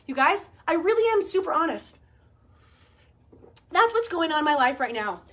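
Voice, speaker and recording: A woman in her forties chatting to her viewers, telling a story in an animated way, laughing and swearing casually. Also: sits high, moderate pace, pauses often. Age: 40s. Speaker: vlogger. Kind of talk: casual chat to camera.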